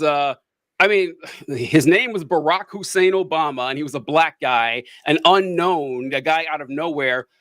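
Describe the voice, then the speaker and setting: A podcast co-host talks politics casually, rambling with fillers and tossing in sarcastic asides. His voice is a little high with a sharp tone, and there's no echo.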